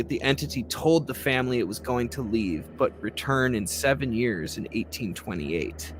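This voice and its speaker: A man's voice: medium pitch, a bit bright, slight background noise. A man hosting a podcast, reading a ghost story aloud and breaking off into profane, laughing asides.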